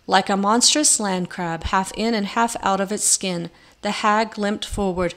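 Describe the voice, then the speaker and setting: Woman narrator for a storybook reading, measured and expressive, mid-range pitch.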